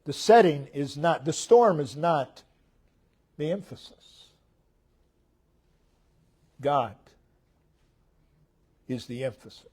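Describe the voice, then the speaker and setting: A man with an American accent delivers a sermon in a somewhat high voice. He speaks at an unhurried pace. He repeats short phrases with emphasis, rising loud and falling almost to a murmur. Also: expressive. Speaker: preacher.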